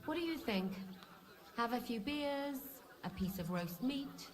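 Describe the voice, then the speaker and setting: A woman's voice: sits high, animated, a little slow. A bold, teasing young woman.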